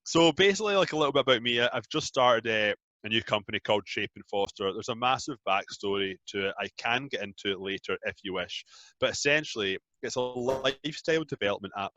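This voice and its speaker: A man in his thirties from Scotland with a Scottish accent, chatting easily as a guest in an interview, quick to laugh at himself. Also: medium pitch, sharp tone, dry recording, muffled recording. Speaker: guest, app founder. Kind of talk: casual interview chat.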